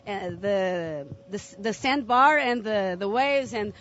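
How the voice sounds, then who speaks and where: A woman's voice: medium pitch, takes it slowly, a bit bright, dull audio. A woman athlete interviewed after her heat, friendly and speaking in simple second-language phrasing.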